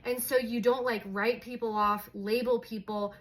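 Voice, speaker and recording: A woman's voice: fairly high pitch, fairly even intonation, moderate pace, low-quality recording. A young adult woman teaching about parenting in a casual, conversational way, often acting out her own thoughts in a story. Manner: conversational, many "like" fillers, voices her own inner thoughts. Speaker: parenting educator.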